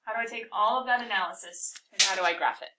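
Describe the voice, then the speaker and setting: A woman teaching a calculus class, talking through a problem and firing quick questions at her students. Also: medium pitch, bright, forceful tone, recorded from a distance, low-quality recording. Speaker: math teacher.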